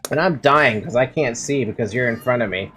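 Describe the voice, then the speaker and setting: A man's voice: medium pitch, brisk, bright, forceful tone, a little hiss or hum. A young man streaming a game from home, chatting casually with playful, giggly, melodramatic complaints.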